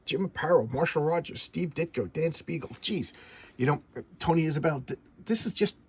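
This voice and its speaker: A middle-aged man casually reviewing an old comic book, rambling and animated, acting out bits of dialogue as he goes. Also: on the high side, moderate pace, slightly rough.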